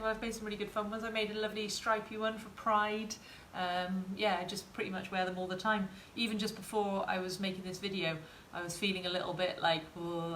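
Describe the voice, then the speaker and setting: In a live sewing session, a woman tutor chats warmly and encourages her viewers in chat. Her medium-pitched voice is fairly bright, with a little hiss or hum, roomy echo, and faint ambience.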